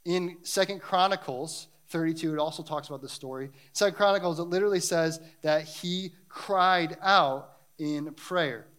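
A man's voice: fairly high pitch, normal speed, hardly any pauses, a bit bright. A man preaching a sermon and reading scripture, talking in an earnest, emphatic way that builds in intensity.

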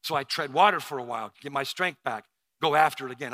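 Guy preaching, emotional storyteller, stumbles and restarts a lot, bright voice. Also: mid-range voice, quick pace, no echo. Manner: emotional storytelling with frequent restarts and repeated words. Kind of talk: sermon with personal story.

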